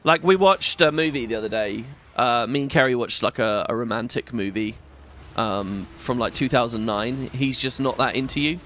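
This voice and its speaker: At medium pitch and normal speed, this a-bit-bright male voice comes with slight background noise. A British gaming YouTuber in his thirties, he offers casual, rambling commentary as he plays, swearing and frequently restarting.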